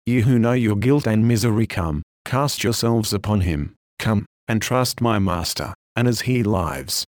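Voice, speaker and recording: A man's voice: lowish voice, a little mellow, no echo, studio quality. A man reading a sermon aloud in an earnest, pleading way, with old-fashioned phrasing. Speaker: preacher.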